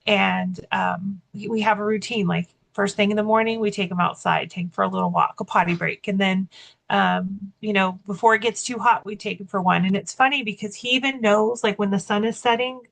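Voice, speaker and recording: A woman's voice: mid-range voice, fairly even intonation, a little fast, creaky, a bit bright, rough recording. A woman co-hosting a podcast, telling a story in casual chat, full of fillers and restarts. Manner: chatty, many "like" fillers and restarts. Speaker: podcast co-host and keynote speaker.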